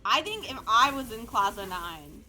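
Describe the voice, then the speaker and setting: Bright, playful woman streamer. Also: fairly high pitch, big pitch swings, moderate pace, a little hiss or hum. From California. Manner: playful, sarcastic, rambling chat with sudden loud outbursts. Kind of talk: live game stream chat.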